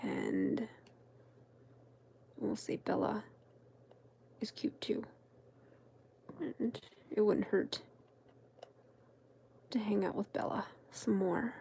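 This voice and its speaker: A woman crafting-channel host who tells a meandering story in a soft, chatty whisper. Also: medium pitch, lively intonation, drawn-out words, vocal fry, pauses often.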